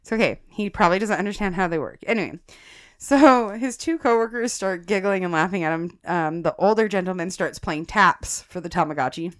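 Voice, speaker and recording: A woman with a fairly low voice and a brisk delivery co-hosts a podcast, sharing a story from her life in laid-back chat. Animated and quick to laugh, she addresses everyone listening as "guys."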